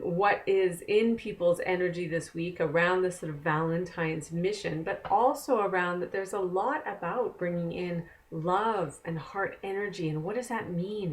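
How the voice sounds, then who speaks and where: A woman oracle card reader, chatting casually and conversationally to the camera from a desk at home. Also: fairly low pitch. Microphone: camera mic.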